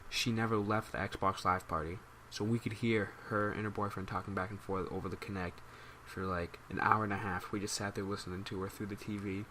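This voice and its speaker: A man's voice: on the low side, level tone, a little fast, hardly any pauses, noisy background. A man telling a rambling, amused story as casual commentary for his gaming channel. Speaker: gaming YouTuber.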